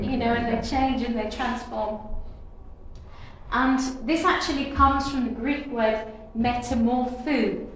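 A woman's voice: fairly high pitch, steady tone, a little slow. A woman giving an earnest, declarative devotional message, often repeating and restarting her phrases. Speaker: preacher. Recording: very echoey room with faint noise.

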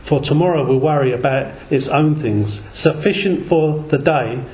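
A man delivers a sermon to a small group, reading scripture at an unhurried, careful pace and stumbling over a word now and then. His voice sits a little high for a man. The recording is echoey, with a faint hiss underneath. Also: a little mellow. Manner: slow, deliberate reading with stumbles and self-corrections. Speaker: lay preacher. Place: small gathering in a reverberant room.

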